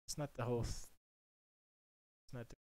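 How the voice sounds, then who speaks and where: Brisk and steady, a young man's mid-range voice with a darkish tone carries no room sound. He's hosting a livestream from his home studio, chatting casually, rambling and muttering as he works at his computer.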